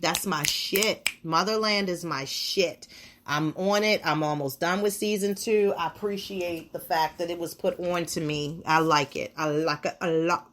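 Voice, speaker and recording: A woman's voice: lowish voice, unhurried, a bit bright, slight background noise. A woman hosting a podcast in a casual monologue, ranting bluntly and swearing freely. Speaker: podcast host.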